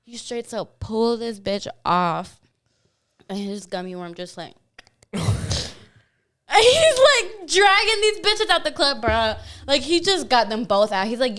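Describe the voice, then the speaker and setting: A woman's voice: fairly high pitch, slow pace. Blunt young woman telling wild stories. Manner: blunt, profane, animated storytelling. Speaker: podcast guest, dancer. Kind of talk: casual storytelling chat.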